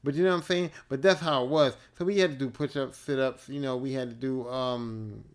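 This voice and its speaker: A male podcast host telling a casual story alone, laid-back, profane and animated. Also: mid-range voice, brisk.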